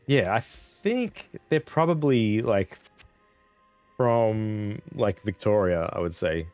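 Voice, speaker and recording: Low-voiced Australian man streaming casually. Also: darkish tone. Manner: rambling, chuckles often, swears casually. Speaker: game streamer. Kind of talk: casual live-stream chat.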